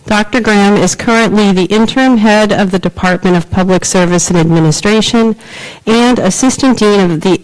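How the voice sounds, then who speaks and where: Smooth-voiced woman reading a formal introduction. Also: on the low side, low-quality recording. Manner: formal, reads from prepared remarks. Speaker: forum host introducing speaker. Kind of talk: scripted introduction.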